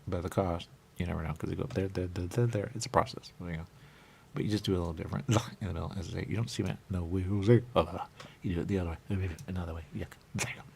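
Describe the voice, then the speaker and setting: A man's voice: deep voice, fairly even intonation, fast, vocal fry, a little mellow, slight background noise. A man hosting a talk show, rambling playfully with sing-song repetitions and riffs. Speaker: radio show host.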